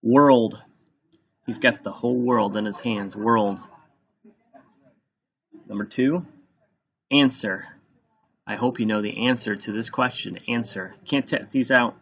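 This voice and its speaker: A male teacher gives a spelling test at a very slow, careful pace. He sounds out each word piece by piece and repeats it. The recording is dull and lo-fi. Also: medium pitch, fairly bright tone. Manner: sounds out words slowly and repeats them.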